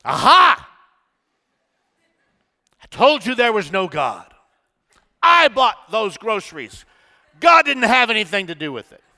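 A male preacher voicing a mocking atheist neighbor who shouts in triumph, in a church. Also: high voice, very animated, slow pace, long pauses, voice pushed up, full character voice. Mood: gloating. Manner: taunting, loud.

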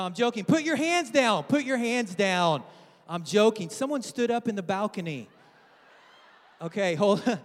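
A man in his thirties delivers a light, joking sermon to a large congregation. His voice sits high, and he acts out his family's voices as he tells stories. A long reverb from the sanctuary trails behind every phrase. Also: a little mellow. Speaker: guest preacher. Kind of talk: humorous sermon. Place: large church with balcony.

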